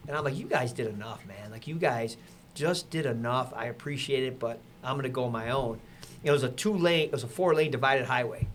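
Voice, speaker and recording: A man, a podcast guest, telling a lively story in casual conversation and acting out the people he quotes. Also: mid-range voice, fairly quick, a little hiss or hum. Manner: animated, acts out quotes with laughter.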